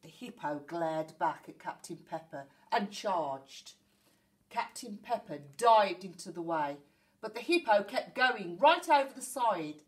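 A woman reads a children's story aloud with a very lively, animated voice that swings up and down. She sounds a little distant from the mic. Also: mid-range voice, a little slow. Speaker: teacher reading aloud.

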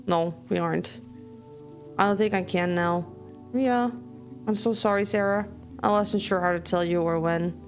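A woman voicing a stubborn young woman, reading game dialogue aloud in a calm, quietly determined way. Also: lowish voice, moderate pace, long pauses, soft background music, natural voice. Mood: steady.

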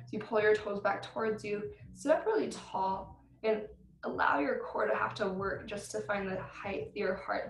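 A woman teaching a vinyasa yoga class over a video call from home, giving calm, encouraging cues with soft laughs. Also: mid-range voice, a little hiss or hum. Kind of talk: guided vinyasa class instruction. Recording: roomy video call audio, faint ambience.

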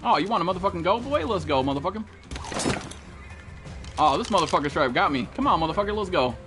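A man's voice: high voice, animated, fast, over music. A young man streaming a video game, talking to his chat with brash, profane trash talk. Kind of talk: live gameplay commentary.

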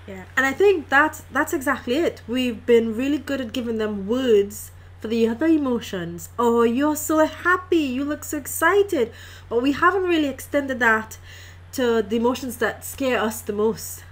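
A woman's voice: a little high, lively intonation, normal speed, fairly bright tone. A woman hosting an interview, agreeing with her guest and adding her own reflective thoughts. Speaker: interview host. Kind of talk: interview conversation.

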